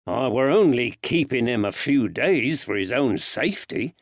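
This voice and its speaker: A man playing a weary, gruff constable. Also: mid-range voice, expressive, moderate pace, no room sound. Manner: plain-spoken and gruff. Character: weary, gruff working-class constable husband. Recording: dry, slightly dull recording.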